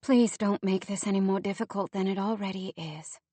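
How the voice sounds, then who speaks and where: Woman reading a firm, brisk young woman. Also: mid-range voice, dark tone, no echo, natural voice. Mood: pleading. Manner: firm, brisk, sometimes pleading.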